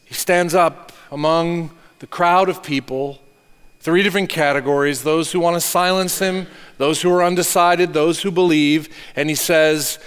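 High-voiced pastor preaching in a hall. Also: male voice, fairly even intonation, moderate pace, smooth. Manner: earnest preaching, swinging from hushed to emphatic. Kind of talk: sermon.

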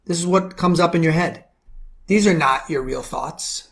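A man's voice: normal speed, vocal fry. Intense preaching New York man. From the Bronx, New York. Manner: forceful preaching, rhetorical questions, drops to low intense tones. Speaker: podcast host and men's coach. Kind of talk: motivational monologue.

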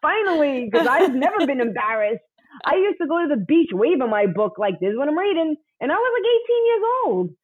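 A woman's voice: high-pitched, brisk, dry recording, narrow, tinny audio. A woman in her forties, a romance novelist, telling stories in casual chat with lots of laughter and acted-out quotes. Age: 40s. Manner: animated storyteller, laughs often, acts out quotes.

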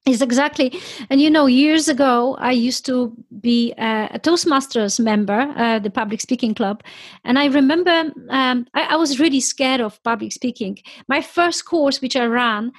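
A woman with a high voice hosts a casual interview. She tells stories animatedly and acts out the people in them. The sound is dry and close. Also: moderate pace, no room sound. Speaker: podcast host.

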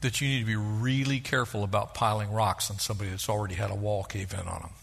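A middle-aged male pastor preaching a sermon, animated, acting out the voices he quotes. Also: fairly low pitch, fast talker, creaky, slightly rough.

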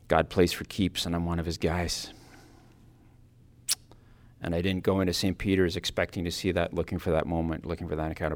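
Deep-voiced earnest man reflecting. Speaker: Christian speaker giving a Lenten reflection. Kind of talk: personal devotional talk.

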